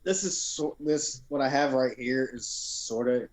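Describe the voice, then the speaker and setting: A man with an ordinary mid-range voice, chatting casually on a stream from his home setup. He sounds relaxed and laid-back, dropping in dry jokes. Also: medium pitch, measured pace. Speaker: gaming streamer, co-host. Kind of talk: casual chat.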